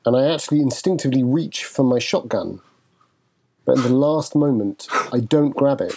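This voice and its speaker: A man's voice: medium pitch, moderate pace, mellow. A man playing in a tabletop game, describing his character's actions with wry storytelling. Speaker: player. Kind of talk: in-character tabletop role-play.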